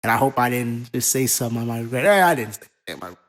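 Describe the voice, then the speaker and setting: A man co-hosting a casual podcast, talking in an animated, profane, rambling way. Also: mid-range voice, racing. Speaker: co-host.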